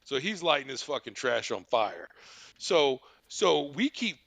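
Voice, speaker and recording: A man's voice: medium pitch, sing-song, measured pace, gravelly, fairly bright tone, no echo. A man hosting a podcast who tells a rambling story full of profanity and restarts. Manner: rambling, profane, laughing retelling. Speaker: podcast host. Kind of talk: casual storytelling.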